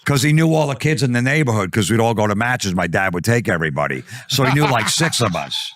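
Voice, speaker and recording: A man's voice: fairly low pitch, expressive, fast talker, a bit bright. A man telling a profane comic story, acting out the quotes. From New Jersey. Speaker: comedian guest.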